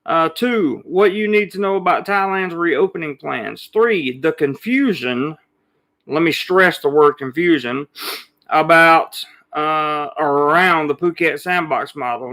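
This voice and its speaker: A man's voice: on the high side, a little slow, a bit bright. A man hosting a casual live chat, greeting viewers by name one after another before reading his topics. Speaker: livestream host. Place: Thailand.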